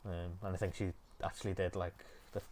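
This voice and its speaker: A man hosting a relaxed music chat show, talking loosely and hesitantly with lots of fillers. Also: sits low, brisk, a little hiss or hum.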